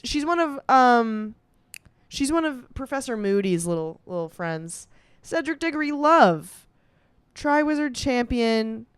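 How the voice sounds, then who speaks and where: A woman's voice: medium pitch, clean tone, dry recording. A young woman chatting casually and reacting as she goes, swearing and laughing often. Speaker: comedian doing a quiz on camera. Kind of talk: casual solo chat.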